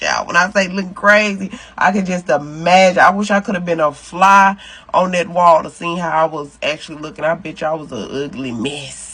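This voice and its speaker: A man telling a personal story to camera in a sassy, profane, animated way, talking straight to his viewers. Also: sits high, normal speed.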